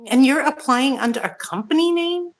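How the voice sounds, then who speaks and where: A woman's voice: high voice, expressive, moderate pace. A middle-aged woman hosting a casual talk show, ranting angrily and swearing as she reads out viewer comments. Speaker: host. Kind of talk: casual chat.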